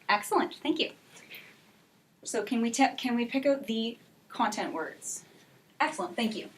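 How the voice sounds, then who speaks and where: A woman teaching an English class for adult learners, speaking clearly and encouragingly, and modeling example sentences slowly. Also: a little high. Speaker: ESL teacher.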